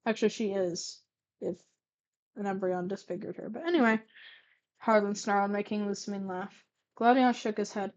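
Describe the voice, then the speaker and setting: A woman's voice: mid-range voice, steady tone, moderate pace, darkish tone, dull audio. A young woman reading old fanfiction aloud, stumbling over words and breaking off for sarcastic asides. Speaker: reader.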